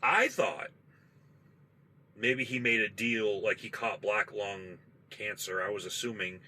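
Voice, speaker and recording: A trucker man with a lowish voice tells a spooky story from his parked truck. His tone is bright and forceful, and his talk is loose, profane and conversational, with a faint hiss of noise underneath. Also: slow, poor audio. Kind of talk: casual spoken storytelling.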